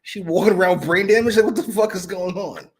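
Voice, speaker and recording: A man co-hosting a wrestling review show, giving blunt, profane, excitable reactions. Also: high-pitched, fairly quick. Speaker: podcast co-host. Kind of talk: casual wrestling review chat.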